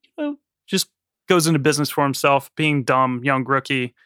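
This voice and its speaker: A man with a bright, ringing voice and a middling pitch, chatting through a film plot on a podcast. He swears freely and laughs often. The sound is close and dry. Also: moderate pace, smooth, no echo. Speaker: podcast co-host. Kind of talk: casual film recap chat.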